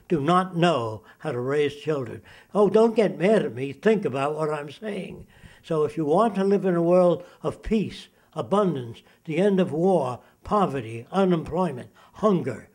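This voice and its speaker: A man's voice: a little high, a little mellow. An older man in an interview, lecturing emphatically and asking rhetorical questions. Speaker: interviewee, futurist. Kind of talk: interview monologue.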